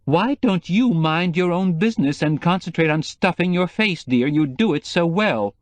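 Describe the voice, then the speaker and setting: A moody potter's wife with a cutting tongue, as a man puts her on. Her lines come curt and disdainful, lifted above the narrator's usual pitch. The recording is dry and close. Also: lively intonation, normal speed, no echo, lightly acted.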